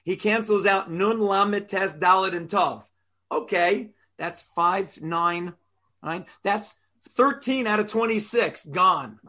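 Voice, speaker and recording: A man teaching a Torah lesson, animated, asking rhetorical questions and sounding out Hebrew letters aloud. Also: high-pitched, takes it slowly.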